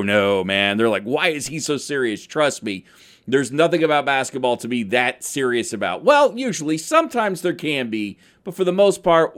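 A man hosting a daily sports podcast from a radio station studio, rambling and self-deprecating, with a tone that can sound serious, almost angry. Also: a little high. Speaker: podcast host. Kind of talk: casual sports podcast talk.

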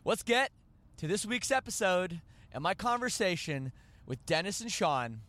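A man's voice: high-pitched, very animated, a little slow, a bit bright. A man hosting a podcast, rambling and joking as he corrects himself mid-sentence. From Canada. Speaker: podcast host. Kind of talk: casual podcast chat.

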